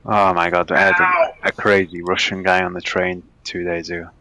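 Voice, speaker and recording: A man's voice: deep voice, moderate pace, creaky, no echo. A young man hosting a casual podcast chat, telling anecdotes and acting out what people said. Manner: animated storyteller, acts out quotes. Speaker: podcast host.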